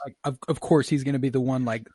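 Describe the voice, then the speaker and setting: A young man hosts a casual podcast and walks through scenes one by one, dropping into short quoted lines as he goes. His voice sits at an ordinary pitch. He is recorded close and dry, with no room sound. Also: husky, dry recording. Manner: relaxed, profane, retells scenes with quick quoted voices. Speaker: podcast host. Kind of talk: casual podcast chat recapping a show.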